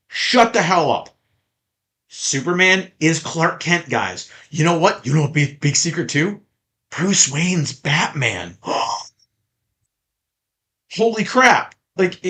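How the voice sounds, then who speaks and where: A man's voice: high-pitched, sharp tone. A man hosting a collectibles podcast, ranting in a sarcastic, exasperated way about online complaints. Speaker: podcast host. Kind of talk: casual ranting chat.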